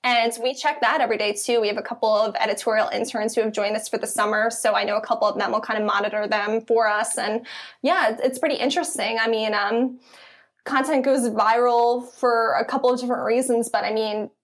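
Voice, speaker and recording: A young woman with a Philadelphia accent talks casually as an interview guest. Her voice sits a little high, and she keeps it chatty, with lots of ums and you-knows. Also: steady tone, brisk. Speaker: guest, content editor.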